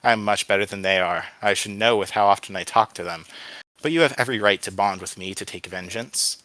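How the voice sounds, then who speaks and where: A man's voice: on the low side, brisk, pushed and bright, no echo. A man voicing a sly chatty wind spirit. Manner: chatty, candid, wheedling. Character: sly ancient male wind spirit, small voiced.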